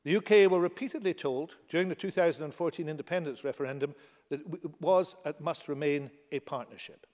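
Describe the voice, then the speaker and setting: A man delivers a formal statement to parliament, his voice pitched a little high and carrying forcefully. The long reverb of a debating chamber trails each phrase. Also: brisk. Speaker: government minister.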